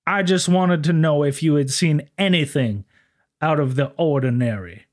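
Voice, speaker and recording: A man doing a smooth prim investigator. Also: a little high, drawn-out words, heavily acted. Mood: courteous. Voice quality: smooth, prim, formal phrasing. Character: overly polite male investigator, smooth and formal.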